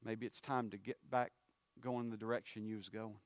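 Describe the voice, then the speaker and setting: A man, preaching a sermon. His loud, rising appeals drop to low, hushed phrases. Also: steady tone, normal speed, no echo.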